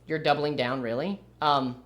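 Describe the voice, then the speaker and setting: A man's voice: on the high side, fairly even intonation, normal speed, fairly bright tone. A man narrating a commentary video in a blunt, casual way. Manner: blunt, casual, talks over clips.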